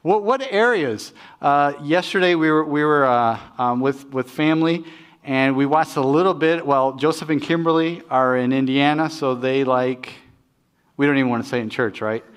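A man's voice: on the high side, moderate pace, clean tone. Conversational middle-aged male pastor. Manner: conversational, self-deprecating, frequent restarts. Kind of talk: sermon with personal stories.

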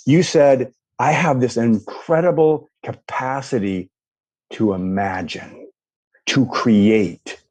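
A man talks as a life coach, his voice low-toned, mellow and dark. He is animated and jumps into little acted-out reactions as he explains an idea to someone across from him. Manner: animated, acts out quoted reactions. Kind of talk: guided visualization and coaching talk.

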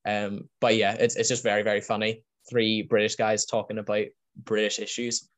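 A man's voice: lowish voice, flat delivery, normal speed. A man hosting a casual podcast chat, enthusiastic and rambling, laughing often. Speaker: podcast host.

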